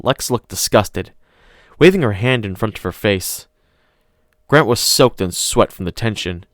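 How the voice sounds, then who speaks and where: A man reading an audiobook aloud in calm, measured scripted narration. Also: lowish voice, no room sound, clean studio sound.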